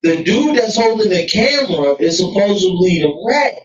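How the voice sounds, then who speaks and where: A man's voice: high voice, very animated, normal speed, a little hiss or hum. A man co-hosting a casual podcast, talking bluntly in heavy street slang. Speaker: podcast co-host. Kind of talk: casual chat. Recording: echoey, distant, dull lo-fi sound.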